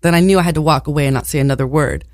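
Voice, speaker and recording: A woman's voice: low-pitched, rapid-fire, dry recording, studio quality. A woman co-hosting a bawdy, casual chat show, talking in a crude, playful way and laughing often. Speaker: podcast co-host.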